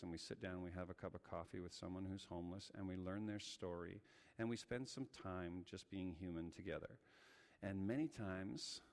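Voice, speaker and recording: A man preaching a sermon, telling a story with lively acted-out quotes. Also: deep voice, vocal fry. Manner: animated, acts out the voices in his story. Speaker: guest speaker. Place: church sanctuary. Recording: church hall reverb.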